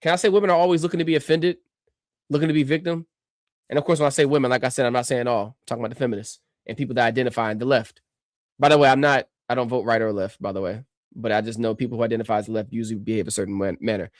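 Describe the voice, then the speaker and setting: A man's voice: mid-range voice, steady tone, racing, no echo, clean studio sound. A man streaming a reaction to a clip, ranting in a combative, mocking way.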